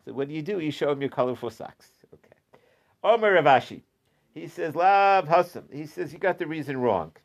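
A man's voice: a little high, animated, brisk, gravelly. A man teaching a casual Talmud class, chatty and digressive, chuckling often.

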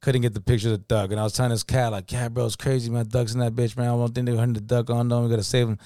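A man with a Californian accent, telling an animated, slang-filled story in casual chat. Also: mid-range voice, racing, dry recording, clean studio sound. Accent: Californian English.

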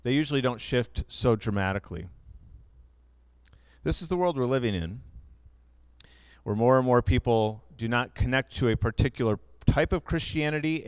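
A man's voice: on the low side, a little mellow, clear, resonant tone, no echo. A younger man preaching a sermon, explaining figures in a conversational way with asides. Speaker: pastor.

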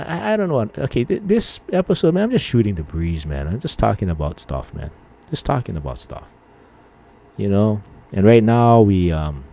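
A man's voice: lowish voice, dark tone. A man in his fifties hosting a podcast, chatting casually and rambling with mild swearing and lots of filler words. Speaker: podcast host.

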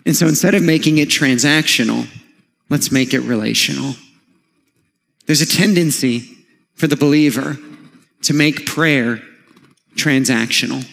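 A pastor in his thirties preaches in a church sanctuary, telling stories conversationally with light humor. His medium-pitched, slightly bright voice is unhurried, with vocal fry and long pauses, and long reverb fills the hall.

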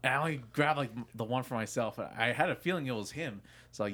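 A man's voice: mid-range voice, quick pace. A young man co-hosting a casual chat, telling a story with swearing and acted-out voices. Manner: animated, swearing, acts out voices in stories. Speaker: podcast co-host.

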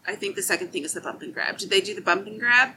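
A woman's voice: mid-range voice, expressive, fast, bright, forceful tone, a little hiss or hum, rough recording. A woman in casual chat, explaining a book's plot step by step to a friend. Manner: explains plot points, comparing book and movie. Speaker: podcast co-host.

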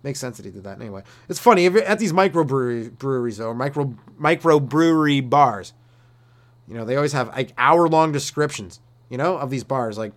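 A man's voice: mid-range voice, lively intonation, quick pace. A young man doing a rambling, profane solo comedy rant, acting out silly voices. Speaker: stand-up comedian.

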